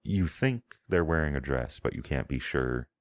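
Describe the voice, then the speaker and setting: A man's voice: very deep voice, animated, normal speed, no room sound. A man as game master, narrating a tabletop game in a meandering, descriptive way, often searching for words.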